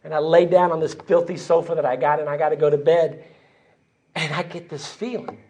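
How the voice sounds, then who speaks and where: A man's voice: a little high, fairly even intonation, fairly quick, warm tone, muffled recording. A man telling his recovery story to a crowd in a church hall, acting out the voices of the people he quotes. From Texas. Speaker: AA speaker sharing his story. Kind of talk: storytelling talk at a conference.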